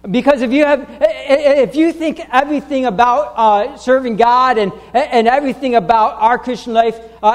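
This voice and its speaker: This sermon comes from a male pastor with a high voice, echoing through the long reverb of a church sanctuary. His delivery stumbles, full of restarts and fillers like "uh" and "um," yet he grows steadily more insistent and emphatic in driving his message home.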